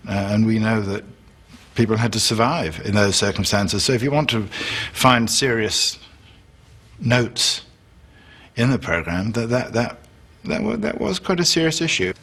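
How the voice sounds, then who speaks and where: A man commenting on a sitcom in a documentary interview, halting and thoughtful. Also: lowish voice, expressive, fairly bright tone. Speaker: commentator on TV comedy.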